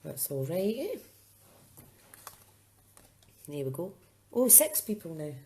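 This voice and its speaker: A woman's voice: lowish voice, big pitch swings, normal speed, mellow, a little hiss or hum. A woman chatting casually and thinking aloud while demonstrating a card-making project. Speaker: craft demonstrator. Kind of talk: casual live-streamed craft demo.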